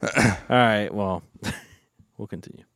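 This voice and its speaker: A man hosting a podcast, teasing his guests with loud bursts of laughter. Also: fairly low pitch, slow pace, gravelly, smooth, dry recording. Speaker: podcast host. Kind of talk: casual chat.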